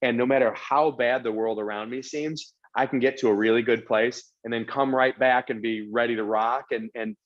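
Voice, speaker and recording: A man's voice: medium pitch, fairly even intonation, moderate pace, few pauses, highs cut off. Earnest man with stammering restarts. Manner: earnest, repeats words when starting sentences. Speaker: podcast guest, real estate executive. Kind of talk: casual interview chat.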